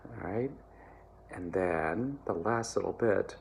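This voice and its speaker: A man teaching German pronunciation to singers, relaxed and encouraging, often checking in with "all right?" and slowly modeling words. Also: low voice, creaky. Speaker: choir diction coach. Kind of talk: German diction lesson for singers.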